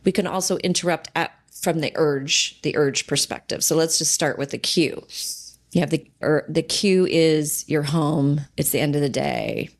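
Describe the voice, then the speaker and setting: A woman podcast host and sobriety coach, talking gently and reassuringly in a conversational way, sometimes acting out inner thoughts. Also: low-pitched, fairly even intonation, moderate pace.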